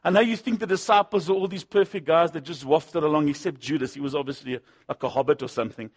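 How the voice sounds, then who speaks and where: Husky high-voiced man preaching. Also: quick pace. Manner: energetic, swings between loud punchy lines and low asides, acts out quoted voices. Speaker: pastor. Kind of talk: sermon.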